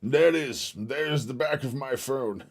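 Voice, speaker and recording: A man's voice: mid-range voice, husky. A man with a slight Southern drawl hosting a livestream, reacting to a played video and chatting with viewers in a loose, joking way, swearing and chuckling. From northern United States. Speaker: livestream host. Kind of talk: casual livestream commentary.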